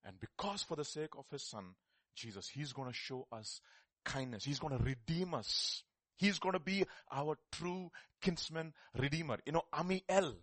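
A man preaching a sermon. He swings between loud, emphatic declarations and quiet, low asides, often restarting and repeating his phrases. The sound is close and dry. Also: lively intonation, normal speed, breathy edge, no room sound.

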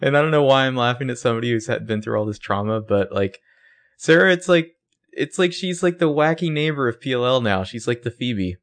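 A man co-hosting a casual recap podcast, telling the scenes in a relaxed, chatty way. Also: medium pitch, a little fast. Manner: relaxed, chatty, many "like" fillers. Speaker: podcast co-host recapping a TV episode. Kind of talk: casual chat.

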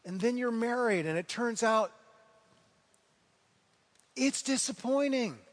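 High-voiced preacher in a reverberant hall. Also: male voice, animated, takes it slowly. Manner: earnest storytelling with emphatic repetitions. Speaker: pastor. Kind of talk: sermon.

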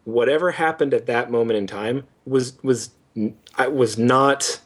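A young man co-hosting a casual game review chat, animated and mocking characters' lines in exaggerated voices. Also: mid-range voice, measured pace, breathy edge. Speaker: podcast co-host.

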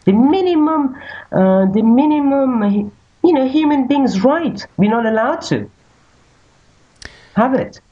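Woman speaking with lively pitch. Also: takes it slowly, pauses often. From Iran. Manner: earnest, searches for words with many fillers. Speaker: guest. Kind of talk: casual conversation. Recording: dull lo-fi audio.

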